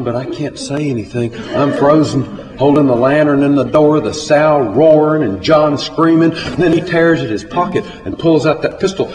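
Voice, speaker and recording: A man telling a story aloud to a live audience in a plain, unhurried way. Recorded in a hall. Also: fairly high pitch, a little mellow. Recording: echoey hall, faint ambience.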